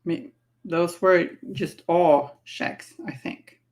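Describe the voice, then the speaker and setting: A woman's voice: on the low side, steady tone, slow pace, darkish tone. A woman painting miniatures on a livestream, chatting casually, laughing often and musing aloud as she works. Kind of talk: casual chat while painting.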